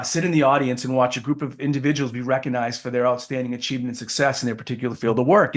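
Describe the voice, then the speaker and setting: A man in his fifties from New Hampshire, a keynote speaker telling a story as an interview guest and acting out the dialogue. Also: medium pitch. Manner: lively storyteller who acts out the dialogue.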